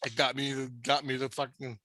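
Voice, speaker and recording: A man excitedly telling a rambling story in a casual chat, swearing constantly and jumping between thoughts. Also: medium pitch, moderate pace, no echo. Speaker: storyteller in a conversation.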